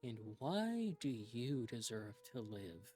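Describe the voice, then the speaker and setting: A man voicing a cold, mocking disembodied spirit in a tabletop game, speaking low and slow with a taunting edge. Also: very animated, darkish tone, soft background music. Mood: judging.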